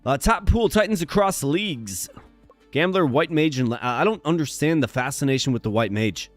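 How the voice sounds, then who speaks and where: A man's voice: fairly high pitch, animated, moderate pace, dry recording, soft background music. A man streaming a management game live, chatting playfully with his viewers as he plays. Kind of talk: casual live-stream commentary.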